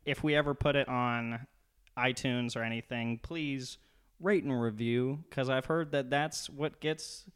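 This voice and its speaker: A man's voice: medium pitch, fairly even intonation, measured pace, a bit bright, clean tone. A young man co-hosting a podcast, joking and rambling with lots of swearing. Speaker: podcast co-host. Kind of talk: casual profane chat.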